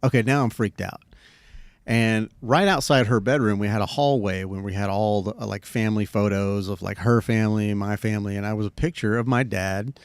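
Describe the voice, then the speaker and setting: A man's voice: fairly low pitch, fairly even intonation, a little fast, smooth, no echo. A middle-aged man hosting a podcast, telling a long story in a rambling, casual way full of fillers and the odd swear. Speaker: podcast host.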